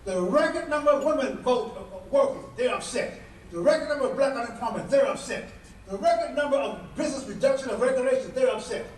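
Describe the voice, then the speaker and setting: At a political dinner, a guest speaker with an unusually high voice delivers a fiery, fast, animated speech. In preacher-like rhythm he fires off emphatic, repetitive rhetorical questions. He sounds far from the mic, ringing through an echoey banquet hall with slight background noise beneath.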